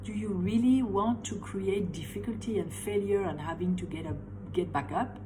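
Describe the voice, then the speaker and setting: A middle-aged woman with a French accent speaks straight to her viewers in a motivational coaching talk. She leans hard on her key words and repeats short phrases for effect. Her pitch sits in an ordinary middle range, and a faint hiss runs under her voice. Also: moderate pace. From France. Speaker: life coach and tapping practitioner.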